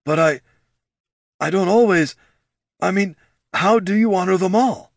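A man doing an orc chieftain, young, huge, hesitant, halting, storybook. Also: high voice, vocal fry, no echo, studio quality, pitched above the performer's own voice, exaggerated voice. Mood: uneasy.

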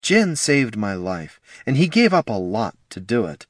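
Man playing hot-tempered woman mage, gruff, curt, defensive, low lively voice, dry audiobook read. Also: measured pace, dry recording. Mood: flustered.

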